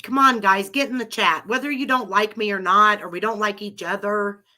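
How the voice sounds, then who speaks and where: A middle-aged woman with a cold hosts a live audio room, talking with listeners at a moderate pace in a sharp-toned, mid-range voice with fairly even intonation. She's rambling and chatty and laughs often.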